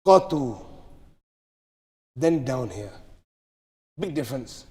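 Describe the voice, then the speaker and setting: A man's voice: medium pitch, big pitch swings, takes it slowly, darkish tone. A man teaching recitation rules in a live class, explaining step by step and checking that students follow. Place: large mosque hall. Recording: long hall reverb.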